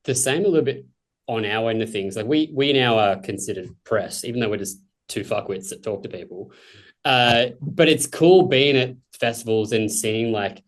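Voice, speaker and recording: Aussie guy hosting a chill interview, hyped up and swearing a bit, mid-pitched everyday voice. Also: moderate pace. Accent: Australian. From Australia. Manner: enthusiastic, swears casually. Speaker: podcast host. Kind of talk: casual interview chat.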